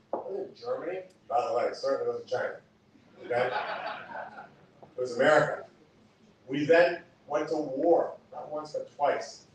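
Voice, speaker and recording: A man's voice: medium pitch, darkish tone, slight background noise. A man giving a campaign stump speech. He talks emphatically, whose first language is Spanish, and repeats key lines for effect. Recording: echoey hall from far off.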